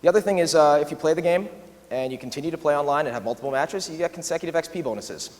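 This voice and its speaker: A man giving a conference talk in a quick, animated way, often acting out quoted asides. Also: on the high side. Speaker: conference speaker. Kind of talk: keynote talk. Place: large conference hall. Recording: long reverb of a large hall.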